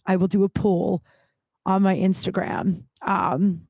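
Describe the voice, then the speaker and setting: A woman's voice: mid-range voice, flat delivery, takes it slowly, creaky, a little mellow, no echo, muffled recording. Woman, forties, solo podcast host, rambly and frank, casual swearing, dry close mic sound. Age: 40s. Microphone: studio podcast microphone.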